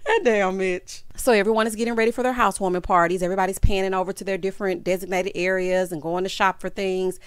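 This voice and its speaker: A woman's voice: mid-range voice, no echo. A woman talks through a reality TV episode in a loose, sassy commentary style and calls her listeners honey and child. She sits in a middling register, and her voice comes across dry and close, with no room around it. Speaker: reality TV recap host. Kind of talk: casual commentary recap.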